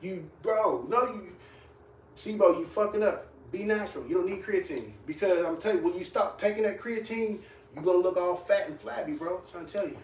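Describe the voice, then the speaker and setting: A man's voice: high voice, a little fast. A man who trains people, reacting to live comments in a blunt, mocking and profane way. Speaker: fitness trainer. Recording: echoey room, distant mic, faint hiss.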